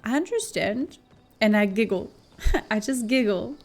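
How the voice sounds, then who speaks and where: A woman's voice: a little high, lively intonation, measured pace, soft background music. A woman streaming a game live, chatty and giggly, talking to her viewers and swearing now and then. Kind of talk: casual chat while gaming on stream.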